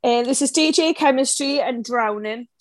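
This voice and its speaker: A young woman from the North East of England with a broad Geordie accent talks in a high, bright register. She rambles eagerly through casual podcast chat, packed with local slang. The sound is close and dry, with no room around it. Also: normal speed, no room sound. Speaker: guest.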